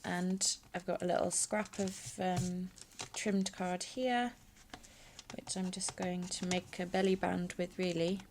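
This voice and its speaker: Slow, gravelly-voiced woman crafter. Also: lowish voice, little pitch movement, a little mellow, slight background noise. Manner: hesitant, many ums while working. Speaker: craft tutorial host. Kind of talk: hands-on craft demonstration. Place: home craft space.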